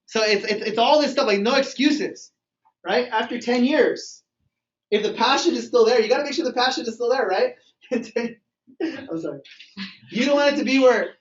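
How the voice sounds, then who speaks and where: Speaking at normal speed in a high voice, a man energetically runs a motivational sales training, role-playing phone calls and dialogues. He's captured far from the mic in a reverberant meeting room with a live group, on a muffled, dull recording.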